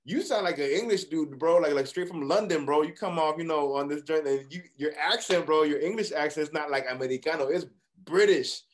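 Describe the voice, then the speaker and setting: A man's voice: fairly high pitch, fairly quick, slight background noise. A man hosting a podcast interview, talking loosely and hyped up, full of slang and dropping into Spanish. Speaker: podcast host. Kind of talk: casual interview chat.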